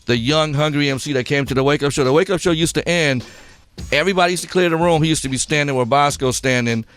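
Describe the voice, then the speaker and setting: A man's voice: fairly high pitch, fast. A male radio show host telling a long story on his talk show and acting out the voices in it. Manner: animated, acts out quotes, rambling.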